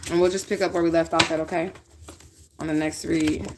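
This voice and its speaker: Against a noisy background, a low-pitched woman speaks briskly with little pitch movement as she does a casual tarot reading. She's from the northern United States, blunt and foul-mouthed, and often checks in with "okay?"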